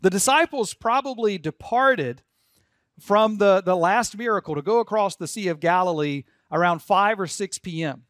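A man's voice: high voice, moderate pace, a bit bright, dry recording, clean studio sound. A man preaching a sermon as pastor, earnest and leading the congregation to repeat words aloud. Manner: earnest, leads congregation in call-and-response.

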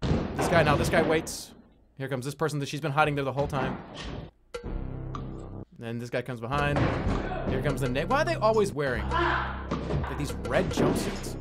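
A male streamer riffs casually on a game, laughing and swearing as he plays. His voice is a bit high with very lively pitch. Loud game music plays behind him. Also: normal speed, pauses often. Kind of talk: casual gameplay commentary.

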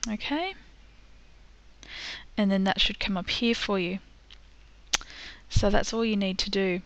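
A woman teaching a screen-recorded software tutorial, patient and step by step, with frequent ums. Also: mid-range voice, measured pace, no room sound, muffled recording.

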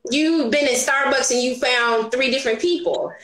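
High-voiced animated woman in echoey room. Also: moderate pace. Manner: expressive, acts out quoted voices, laughs often. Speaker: entrepreneur guest. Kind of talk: animated storytelling interview. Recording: roomy echo.

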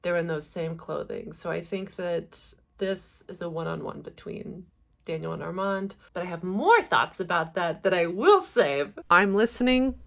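A woman giving excited reaction commentary on a trailer, gushing and speculating aloud, breaking into gasps and squeals. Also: fairly low pitch, normal speed, gravelly.

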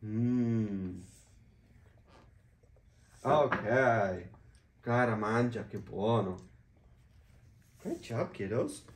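A woman, a parent, teaching young children Italian words in a hotel room, saying each word slowly and repeating it. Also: very deep voice, animated, reverberant, a little hiss or hum. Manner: slow, drawn-out repetition of each word. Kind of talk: children's vocabulary lesson.

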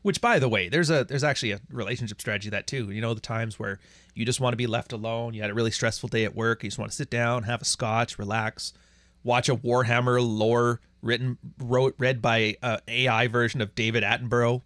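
A man's voice: mid-range voice, steady tone, a little fast, a bit bright, no echo, studio quality. A man hosting a livestream who rants bluntly and crudely and reads out viewer chats. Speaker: livestream host. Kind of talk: profane livestream rant.

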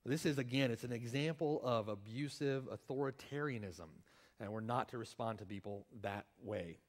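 A male pastor preaching a sermon, reading scripture aloud and stressing his points emphatically. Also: mid-range voice. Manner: emphatic, reads scripture aloud then explains it. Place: church.

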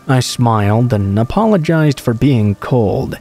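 A man reading true scary stories aloud in a calm, steady first-person narration. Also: medium pitch, unhurried, faint music behind. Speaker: horror story narrator.

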